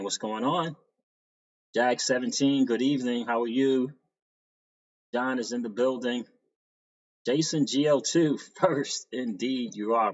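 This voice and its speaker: A man's voice: lowish voice, breathy edge, lo-fi sound. Laid-back man greeting stream viewers. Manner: reads out viewer names and greets them, laughs often. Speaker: crypto livestream host. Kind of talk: casual livestream chat.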